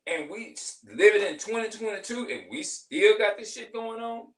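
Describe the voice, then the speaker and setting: A man's voice: sits high, animated, moderate pace, far from the mic. A middle-aged man venting in a heated, profane, rambling monologue, repeating himself as he goes. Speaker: vlogger.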